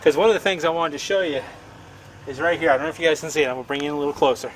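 Rattling along very fast in a steady, fairly high voice, a man hosting a homestead channel explains a car repair while working beside the vehicle in his home garage. It's a chatty, self-deprecating DIY tutorial, with a slight hiss or hum on the recording.

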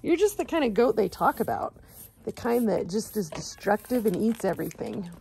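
A woman's voice: mid-range voice, very animated, moderate pace, vocal fry, mellow, slight background noise. A woman filming on her farm, talking affectionately to her goats and cat in a doting, playful way. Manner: affectionate baby-talk to animals, frequent laughs. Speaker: farm vlogger. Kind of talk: casual talk to farm animals. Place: outdoors on a farm. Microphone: handheld camera.

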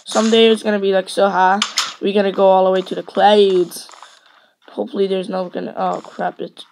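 A woman's voice: mid-range voice, flat delivery, fairly quick, creaky, background noise. A woman chatting and rambling playfully while playing a building game. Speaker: let's play host. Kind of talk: casual gameplay chat.

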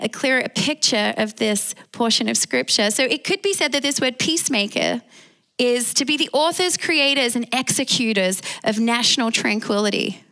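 A woman's voice: on the high side, pushed and bright. A woman with an Australian accent preaching a sermon as pastor, calling out for amens from the congregation. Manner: preaching with call-and-response amens.

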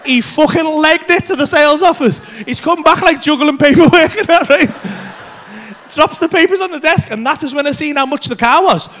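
High-voiced sweary comedian. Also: male voice, moderate pace. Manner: sweary, animated anecdote-telling. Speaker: stand-up comedian. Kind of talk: stand-up comedy storytelling. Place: comedy club stage.

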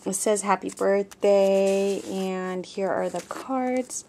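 A woman's voice: medium pitch, takes it slowly, a little mellow, a little hiss or hum. A young adult woman unboxing a gift on her crafting vlog, gushing and repeating how surprised she is while talking to her viewers. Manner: gushing, repeats "oh my gosh", talks to viewers as "guys". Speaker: crafting vlogger.

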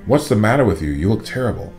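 Ron: a man doing a grumbling, sarcastic teen wizard, low and lively. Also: fast, soft background music. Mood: blunt. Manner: blunt, sarcastic. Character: grumbling teenage wizard boy.

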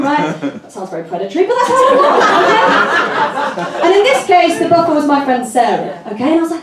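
Animated British woman doing stand-up. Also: sits high, fast. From Britain. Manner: animated storytelling with shouted bursts, acting out voices. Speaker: stand-up comedian. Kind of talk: stand-up comedy set. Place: comedy club with a loud audience. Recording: echoey club from far off, loud crowd.

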